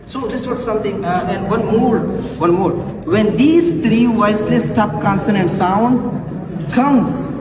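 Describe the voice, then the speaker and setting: Halting man presenting in echoey classroom. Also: sits high. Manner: repeats words and examples slowly, halting. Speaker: student presenter. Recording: echoey classroom from far off, noisy.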